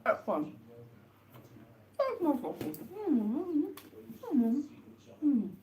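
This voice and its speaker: A woman rambles through a casual live stream, making wry, deadpan jokes between bites. Her pitch swings about a lot. A faint hiss of background noise sits under her voice. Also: drawn-out words. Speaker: livestream host. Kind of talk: casual live chat while eating chocolates.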